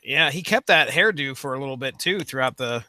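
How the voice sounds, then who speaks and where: A man co-hosting a comics podcast, upbeat and quick to laugh in casual chat. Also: medium pitch, lively intonation, pushed and bright, no echo. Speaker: podcast co-host.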